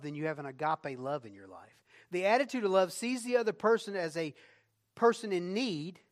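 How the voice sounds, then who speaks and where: A male pastor preaching a conversational sermon, moving between quiet reflection and rising bursts of emphasis. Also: on the high side.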